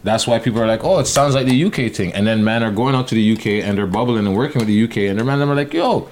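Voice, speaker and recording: A man with a somewhat low voice talking through his take on a rap song. He argues steadily and at length in relaxed podcast chat. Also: racing, a little hiss or hum. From Canada. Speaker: podcast co-host. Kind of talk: casual chat about music.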